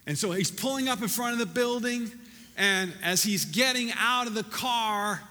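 A man preaching a sermon in a church, talking in a loose, animated, conversational way with many restarts. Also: sits high, normal speed. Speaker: pastor. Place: church sanctuary. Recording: reverberant church hall.

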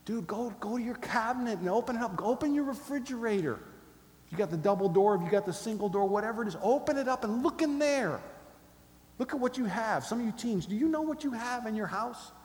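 Emphatic preacher in an echoey hall. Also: male voice, very high-pitched, animated, brisk, a little mellow. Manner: emphatic, leads call-and-response. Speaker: pastor. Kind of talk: sermon. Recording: echoey hall, faint ambience.

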